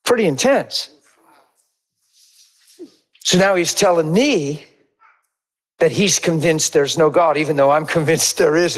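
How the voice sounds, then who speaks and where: A middle-aged man preaching, telling his testimony in a lively, conversational way and acting out dialogue. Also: fairly high pitch, a little slow, long pauses. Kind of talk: testimony sermon, storytelling.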